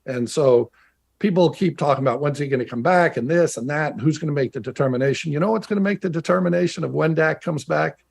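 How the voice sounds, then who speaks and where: Animated former player on a video call. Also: male voice, fairly high pitch, vocal fry, breathy edge. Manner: storytelling, animated, quick asides. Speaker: guest, former player and team broadcaster. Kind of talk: casual interview chat.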